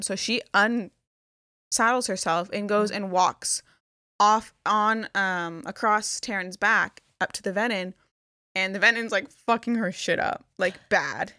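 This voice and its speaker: A young woman recaps a fantasy plot in loose, rambling casual chat, peppered with fillers. Her voice sits at a middling pitch, recorded close and dry with no room sound. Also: measured pace, bright, forceful tone, no room sound. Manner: rambling retelling with many "like" fillers. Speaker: podcast co-host.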